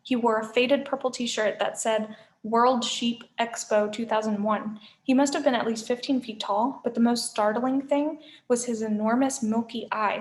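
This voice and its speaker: A woman, a teacher, reading a novel aloud with expressive storytelling. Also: fairly high pitch. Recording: echoey room.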